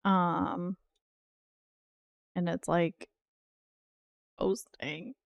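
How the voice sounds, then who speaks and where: A woman's voice: fairly low pitch, fairly even intonation, very slow, creaky, dry recording, lo-fi sound. A woman game streamer chatting casually with her viewers in a playful, teasing way and laughing often. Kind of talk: casual live-stream chat.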